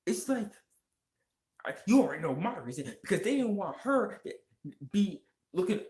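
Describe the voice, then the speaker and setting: A vlogger giving a heated, profane movie rant and talking straight to viewers, voice jumping higher when worked up. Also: very animated, moderate pace, darkish tone, echoey room. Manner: heated, swearing, pitch jumps up when worked up; talks to viewers and chat directly. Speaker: video blogger.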